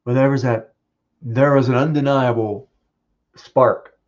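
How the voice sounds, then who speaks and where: A man sharing personal memories at a memorial, speaking in halting phrases with restarts and small laughs. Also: mid-range voice, steady tone, darkish tone, highs cut off. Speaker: speaker giving a eulogy. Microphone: video call.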